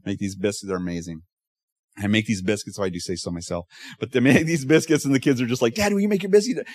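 A man, a pastor in his thirties, preaching a sermon in a conversational, animated storytelling way with asides. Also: fairly low pitch, quick pace, no room sound, studio quality.

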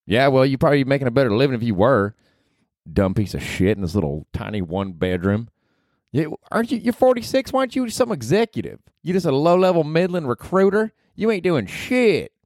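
A man putting on the voice of a rough, foul-mouthed young woman from the rural Ozarks, with a put-on drawl, sneering and swearing. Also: medium pitch, sing-song, brisk, a little mellow, no room sound, clean studio sound, pitched above the performer's own voice. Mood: scornful.

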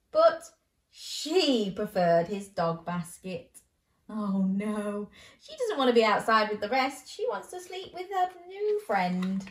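A woman's voice: mid-range voice, roomy sound. A woman hosting a children's show, reading a bedtime story aloud playfully and asking the listener questions.

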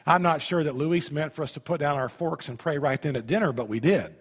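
A pastor preaching a sermon, emphatic, with sudden drops to a quiet voice. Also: male voice, a little high, a little fast, few pauses, husky, big-room sound.

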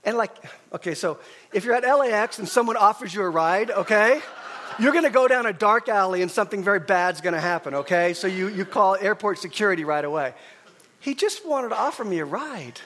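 A man's voice: sits high, fairly quick. A middle-aged pastor preaching in a loose, conversational way. His voice sits well above the usual male range, and he tells stories with plenty of life, putting on the voices of the people he quotes. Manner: animated storyteller, acts out quoted voices. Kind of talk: conversational sermon with storytelling.

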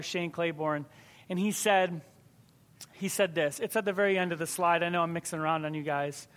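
Addressing his congregation in a sermon, a man with a high, fairly bright voice preaches conversationally and with emphasis, stressing important words and repeating them to drive them home.

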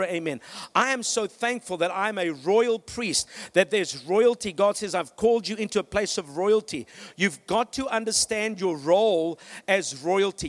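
High-voiced energetic male pastor preaching. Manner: energetic, with storytelling and "come on" calls to the congregation. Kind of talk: preaching a sermon.

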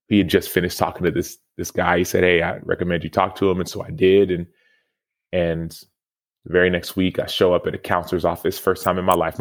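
A former football player in his thirties, appearing as a podcast guest, answers an interview question by telling a personal story. His voice is notably low, and he comes across as earnest and reflective.

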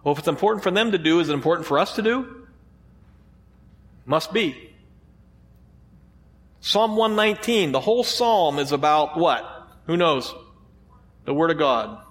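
A pastor with a high voice preaches to his congregation in a loose, conversational way, throwing out rhetorical questions as he goes. His voice rings with the long reverb of a church hall. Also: animated, measured pace, long pauses. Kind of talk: sermon.

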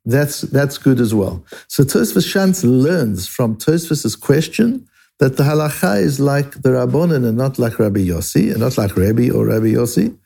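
A man's voice: mid-range voice, lively intonation, moderate pace, vocal fry, warm tone, husky. A man teaching a Talmud lesson, asking questions aloud and answering them as he explains.

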